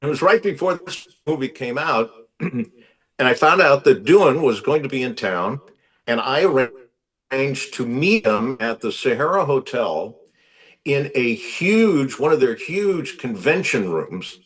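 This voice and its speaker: A man spins his anecdote slowly and deliberately, with a voice of middling pitch. He pauses often with little fillers. He sits a bit away from the mic. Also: very animated, a bit bright, breathy edge, recorded from a distance. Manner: measured, pausing with fillers. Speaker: guest telling a celebrity story. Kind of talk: slow storytelling.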